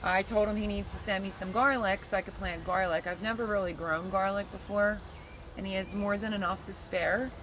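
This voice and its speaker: A man with a high voice chats loosely through a livestream, wandering from topic to topic and answering his viewers as he goes. He talks into a phone camera out in his backyard garden, with plenty of outdoor noise around him. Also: fairly even intonation, fairly quick, a bit bright. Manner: rambling, chatty, answers viewer comments. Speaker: livestream host, home gardener. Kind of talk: casual livestream chat. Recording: noisy outdoor ambience.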